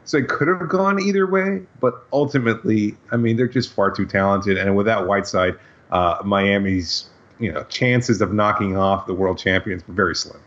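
Lower-voiced man on muffled audio. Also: moderate pace, a bit bright. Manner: conversational, searching for words, dry asides. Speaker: sports podcast co-host. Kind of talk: casual sports talk. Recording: dull lo-fi audio.

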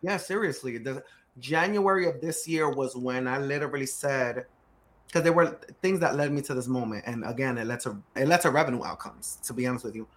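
A man who runs a growth firm for startups, telling stories on a podcast with lively energy, acting out quotes and hammering key words through repetition. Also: medium pitch, fairly quick, a little hiss or hum. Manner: animated storyteller acting out quotes; emphatic, repeats key words. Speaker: startup growth CEO guest. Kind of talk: podcast interview conversation.

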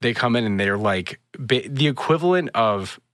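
A man hosting a casual podcast chat, telling stories with animated swings and high-pitched imitations of people. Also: moderate pace, no echo, studio quality. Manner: animated storytelling, mimics voices in high pitch. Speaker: podcast host.

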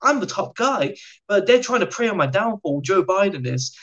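A man voicing a ranting, delusional American prisoner who shouts and boasts. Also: high voice, very animated, moderate pace, dull audio, voice pushed up. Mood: rambling boastful.

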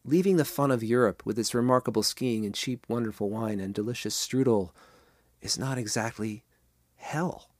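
A man hosting a podcast, reading short-story passages and analyzing them in a measured way. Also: medium pitch, no echo, studio quality. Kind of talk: literary reading and commentary.

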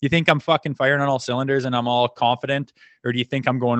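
A man in casual podcast chat, speaking at a middle pitch through a close studio mic. He tells blunt, profane anecdotes and acts out the other people in them. The sound is dry, with no room echo. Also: fast. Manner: profane, animated anecdotes acting out quoted dialogue. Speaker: podcast guest, former hockey enforcer.

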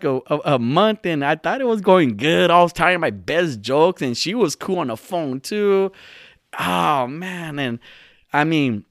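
A man rambles through a personal story in an easy, unpolished way, cursing often and sliding up into excited high bursts before dropping back to a low murmur. His voice sits at an ordinary pitch and sounds dry and close, with almost no room around it. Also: no echo. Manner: animated, swearing, rises high when retelling. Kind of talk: casual storytelling monologue.

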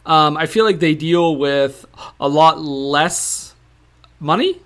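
A man co-hosting a podcast, chatting about a film in a hesitant, halting way with many fillers. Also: fairly high pitch, a bit bright. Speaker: podcast co-host. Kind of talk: casual film review chat.

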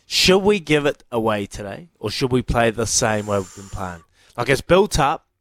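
A man's voice: mid-range voice, lively intonation, moderate pace, a bit bright, no echo. A man hosting breakfast radio, upbeat and promotional. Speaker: radio host. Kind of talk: casual breakfast radio banter.

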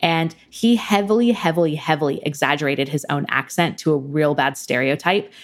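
A woman's voice: low-pitched, moderate pace. A woman speaking as an expert guest, explaining history casually with frequent ums.

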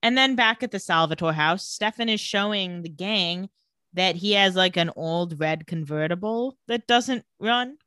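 A woman with a bright, forceful voice retells a TV episode in casual chat. She is animated and slips into the characters' lines as she goes. The recording is dry and close, with no room sound. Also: fairly low pitch, a little slow, no echo.

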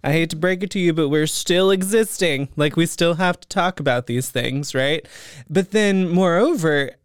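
Young male podcast host, smooth clear voice, dry close sound, playful and chatty. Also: on the high side, normal speed, no echo. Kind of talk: casual chat.

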